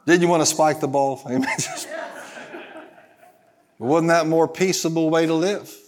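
A man pastor delivers a sermon in a fairly high voice. He tells stories with a chuckle and draws the congregation into call and response. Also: fairly even intonation, normal speed, a little mellow. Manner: calls for congregation responses, storytelling with laughter.

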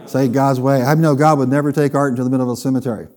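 A man preaching a sermon, telling a funny personal story with lively, animated delivery. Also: medium pitch, rapid-fire. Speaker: pastor.

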